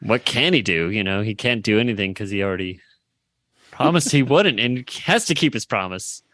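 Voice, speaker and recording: Wry male podcast co-host, bright tone, dry sound. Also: lowish voice, expressive, a little fast, no room sound. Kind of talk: casual chat.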